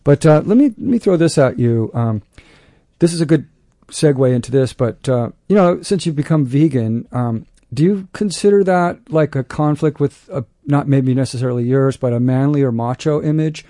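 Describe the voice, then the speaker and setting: A man's voice: medium pitch, lively intonation, normal speed, warm tone, no echo. A man hosting an interview in a studio, talking casually and supportively with some hesitation. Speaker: host. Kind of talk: interview conversation.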